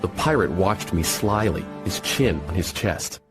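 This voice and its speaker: Deep-voiced male audiobook narrator. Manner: measured, steady storytelling. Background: soft music.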